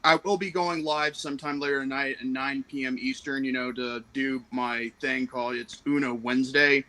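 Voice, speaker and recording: Stream guest: man with a faint Southern accent, bright and forward tone, halting delivery. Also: medium pitch, steady tone, poor audio. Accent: light Southern American. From American South. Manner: hesitant, many fillers and restarts. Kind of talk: casual livestream chat.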